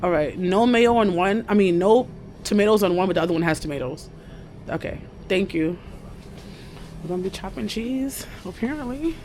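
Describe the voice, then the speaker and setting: A woman's voice: medium pitch, expressive, normal speed, darkish tone, slight background noise. Chatty New woman vlogging. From New York. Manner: chatty, slangy, rambling asides. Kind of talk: casual vlog chat.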